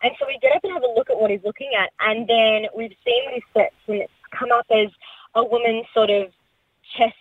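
A female caller telling a quick, breathy story about her nephew. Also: fairly high pitch, no echo. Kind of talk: phone-in anecdote. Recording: tinny phone line.

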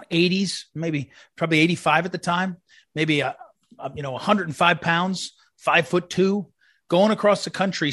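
A man's voice: on the high side, fairly bright tone, no echo, clean studio sound. A man hosting a commentary segment, telling rambling, anecdotal stories in a eulogy style. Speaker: commentary host.

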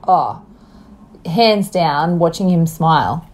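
A woman's voice: deep voice, animated, takes it slowly, darkish tone. A young woman co-hosting a casual chat, bubbly and rambling, laughing often, with a slight cough. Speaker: podcast co-host.

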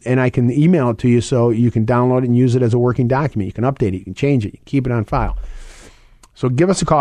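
A middle-aged man hosting a financial radio show, talking quickly and conversationally and repeating his key points. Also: mid-range voice, darkish tone, dry recording. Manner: fast, conversational, repeats points and phone numbers. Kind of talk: radio talk segment.

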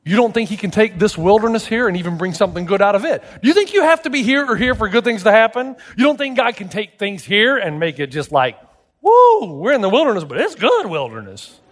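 A male pastor preaching a sermon, animated and emphatic, firing rhetorical questions at the congregation. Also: high-pitched, quick pace, hardly any pauses, in a large hall. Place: church.

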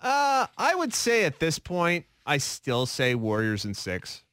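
A man's voice: on the high side, takes it slowly, smooth, dry recording. Wisecracking male radio co-host, dry sound. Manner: wisecracking, deadpan teasing. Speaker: radio sports talk co-host. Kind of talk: casual sports radio banter. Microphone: studio microphone.

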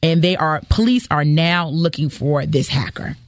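A woman's voice: sits low, moderate pace, dry recording, clean studio sound. A woman hosting a morning radio show, chatting casually and emphatically, exclaiming as she tells a story. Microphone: studio microphone.

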